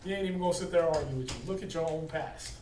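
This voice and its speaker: A man leads a loose Bible class, cracking jokes and laughing as he preaches. His voice sits high for a man, and it sounds roomy, picked up from across the room with a noisy hiss behind it. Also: racing. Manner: joking, laughing often, preachy asides. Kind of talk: casual Bible teaching. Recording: roomy distant recording with noise.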